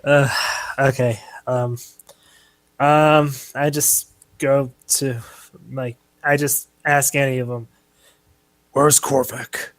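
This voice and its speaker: A man's voice: mid-range voice, flat delivery, takes it slowly, dry recording. A man joining a tabletop game as a player, speaking in a laid-back, casual way. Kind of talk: casual tabletop role-play.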